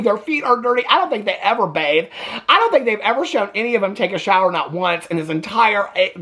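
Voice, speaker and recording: A man's voice: high-pitched, animated, a little fast, sharp tone, husky. A man hosting a reaction channel, chatting sarcastically about a TV show, laughing often and adding "okay?" as he goes. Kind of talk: casual reaction commentary.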